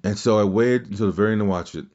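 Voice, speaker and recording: Racing along in a lowish, darkish voice, the host of a casual wrestling podcast is heard through dull audio. He rambles through his opinions with plenty of swearing, sentence restarts, and mimicked quotes.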